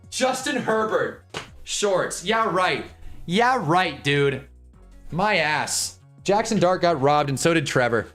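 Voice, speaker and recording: A young man live-streaming commentary on a football awards show, swearing and laughing as he swings from loud outbursts to low mumbles. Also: lively intonation, takes it slowly, faint music behind. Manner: profane, laughs often.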